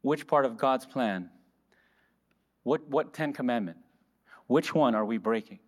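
A man's voice: mid-range voice, expressive, unhurried. A man preaching a sermon in a church, asking the congregation questions and answering them himself. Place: church hall. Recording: reverberant church hall.

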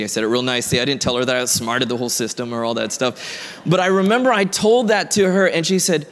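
A man preaching in a large hall with a long, echoing reverb. His voice sits a little high, and he tells his story conversationally, building to emphatic points. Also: lively intonation, a little fast. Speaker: pastor. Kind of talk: sermon.

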